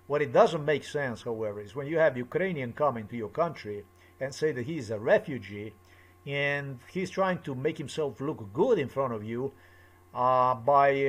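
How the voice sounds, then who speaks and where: A man delivering an angry personal monologue, swearing often and repeating himself as he rants. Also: medium pitch. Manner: agitated, profane, repetitive ranting. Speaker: vlogger.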